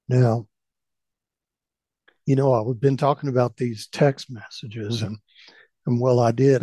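Middle-aged man, radio storytelling host, gravelly, mellow, dry close sound. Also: mid-range voice, no echo. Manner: folksy, conversational storyteller.

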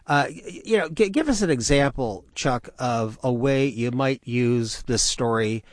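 A man's voice: medium pitch, unhurried, no room sound. A man hosting an interview, asking his guests questions in an encouraging, conversational way. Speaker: radio host.

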